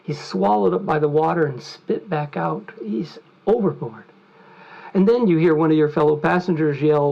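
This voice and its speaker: A man spins a story for a training session in a casual, vivid way. His voice is slightly high and gravelly, and the recording sounds muffled and lo-fi. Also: normal speed, warm tone. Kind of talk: storytelling lecture.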